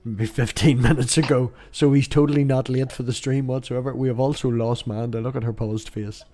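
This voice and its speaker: Dude hosting a stream, mellow dark voice, rambles and laughs a lot. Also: male voice, medium pitch, fairly even intonation, fairly quick. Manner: rambling, laughs at his own jokes. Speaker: livestream host. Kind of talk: casual group chat on a livestream.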